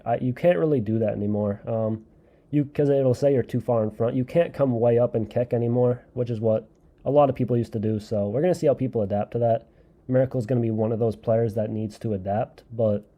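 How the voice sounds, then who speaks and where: A man's voice: medium pitch, mellow. A man hosting a casual solo podcast, rambling through his opinions and often repeating and correcting himself. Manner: thinks aloud and hedges his takes. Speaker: podcast host reviewing a game league draft.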